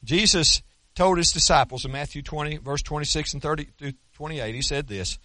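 A man preaching a sermon as pastor, emphatic and folksy, slowing down to stress scripture. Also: fairly high pitch, pushed and bright, no echo. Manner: folksy, with colloquial asides and repeated words.

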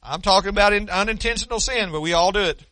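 An older preacher delivers a folksy sermon, stumbling over restarts before surging into fervent declarations. His voice sits high for a man and rings bright and forceful. The sound is close and dry, with no room echo. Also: fast talker. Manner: folksy preaching, rising to fervent shouts, frequent stammered restarts. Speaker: pastor.

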